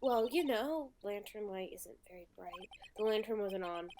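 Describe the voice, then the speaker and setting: A woman's voice: mid-range voice, expressive, moderate pace, dark tone, a little hiss or hum, natural voice. A woman voicing a flustered young female witness in a game, hesitant and full of ums. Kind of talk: reading game dialogue aloud.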